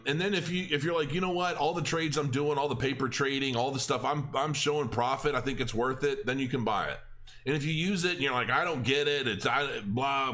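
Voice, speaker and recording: A middle-aged man talks casually to his viewers about crypto, rambling and restarting his sentences. His voice sits on the low side but has a bright, forceful edge. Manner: rambling, chatty, with restarts and filler words. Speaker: crypto channel host. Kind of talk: casual chat to camera.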